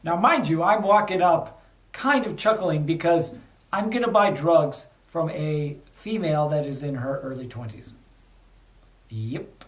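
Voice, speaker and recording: A man's voice: on the high side, unhurried. Middle-aged man, candid storyteller, roomy echo, a bit off-mic. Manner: candid, conversational storytelling with fillers. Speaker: podcast host, former undercover officer. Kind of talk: personal story with a lesson. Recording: echoey room, a bit far from mic.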